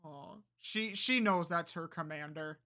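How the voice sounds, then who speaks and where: A streamer reading out a game's story text and reacting with excited, chatty comments. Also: medium pitch, a little slow. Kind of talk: game playthrough with read-aloud narration and reactions.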